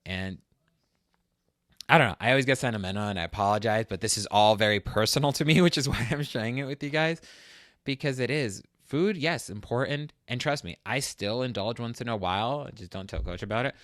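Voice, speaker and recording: A mid-range male voice, brisk in pace, belongs to a fitness podcast host who speaks earnestly about himself and gets emotional and loud retelling a struggle. Studio quality with no room sound.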